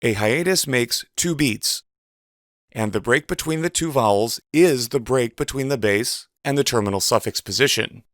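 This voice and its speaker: A man giving a measured, precise instructional voice-over as a teacher. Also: mid-range voice, fairly bright tone, dry recording, clean studio sound. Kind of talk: scripted instructional narration.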